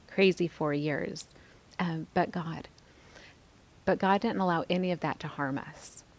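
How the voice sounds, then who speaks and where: Soft-spoken woman sharing her testimony. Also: on the low side. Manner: reflective, soft-spoken, pauses often. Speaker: podcast host sharing testimony. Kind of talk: personal faith talk to a women's group.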